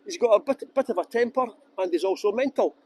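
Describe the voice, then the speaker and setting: A man's voice: sits high, fast talker, warm tone, husky. A Scottish man giving a casual live-streamed walking tour outdoors by a harbour, chatty and jokey, greeting viewers by name. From Scotland. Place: outdoors at a harbour ferry terminal.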